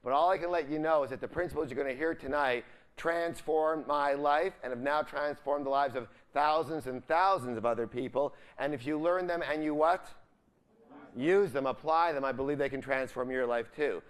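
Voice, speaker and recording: A man's voice: fairly high pitch, moderate pace. A middle-aged man giving a motivational seminar, quizzing the audience and leaving the ends of his sentences for them to fill in. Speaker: seminar speaker.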